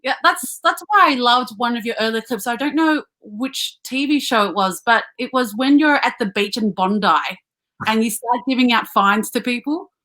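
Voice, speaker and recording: A woman's voice: on the high side, normal speed, pushed and bright, low-quality recording. A woman hosting a live online interview show, upbeat as she greets viewers and asks questions. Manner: upbeat, reads out viewer locations.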